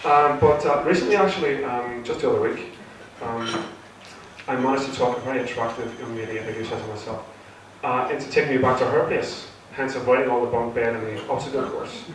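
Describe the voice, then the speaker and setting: On a theatre stage before a live audience, a man performs his first stand-up set, nervous and rambling, with plenty of fillers and restarts. His voice is mid-range and a little fast. The echoey hall is captured from a distance, with slight background noise.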